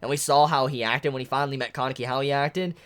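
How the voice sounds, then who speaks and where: A manga reviewer reacting aloud while reading a chapter, thinking out loud, restarting sentences and breaking into delighted shouts. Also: medium pitch, steady tone, fast talker, clean tone.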